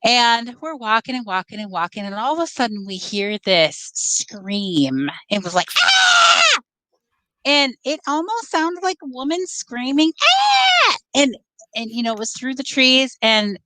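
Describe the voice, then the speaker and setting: A woman from the American Midwest tells a story to a talk-show host, acting out the sounds and voices as she goes. Her tone is bright and forward. The recording is dry and close. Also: a little high, normal speed, no echo, poor audio. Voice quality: animated, acts out sounds and quotes. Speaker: guest, Bigfoot researcher.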